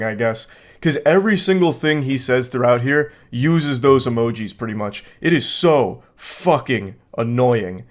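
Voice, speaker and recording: A man giving comedic commentary on text message screenshots, sardonic, deadpan and profane. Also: mid-range voice. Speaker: online commentator.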